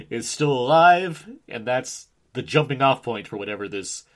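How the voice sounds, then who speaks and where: A man riffing through a casual movie commentary, his pitch bouncing all over as he talks. He laughs a lot and curses freely, at a middling pitch. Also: a little slow. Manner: laughing often, animated, swearing. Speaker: podcast co-host.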